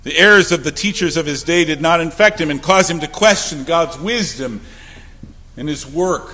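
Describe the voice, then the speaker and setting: A man preaching a sermon from the pulpit, swinging from loud declarations to hushed, low passages. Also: animated, normal speed. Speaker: pastor.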